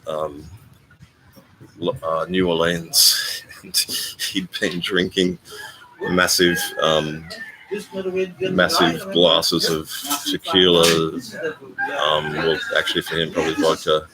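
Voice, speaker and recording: Rambling older Aussie man, very low voice. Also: little pitch movement, over a noisy crowd. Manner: rambling, halting, with frequent ums and restarts. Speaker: vlogger hosting a live stream. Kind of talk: casual live-stream chat. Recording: noisy live-stream phone audio.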